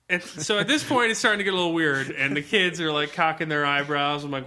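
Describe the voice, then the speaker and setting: A man co-hosting a podcast, telling an anecdote in a casual, animated way, often laughing and acting out the dialogue. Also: fairly high pitch, fast. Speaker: podcast co-host and game master.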